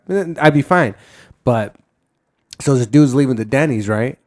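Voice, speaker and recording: Fast-talking rambling man on a podcast. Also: medium pitch, darkish tone. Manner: rambling storyteller, swears freely, laughs often. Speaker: podcast host. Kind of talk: casual podcast chat.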